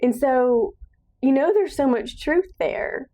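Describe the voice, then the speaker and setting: A woman's voice: sits high, expressive, slow pace, dark tone. A woman hosting a solo podcast, speaking in an earnest, encouraging monologue with emphatic repetition. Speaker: podcast host.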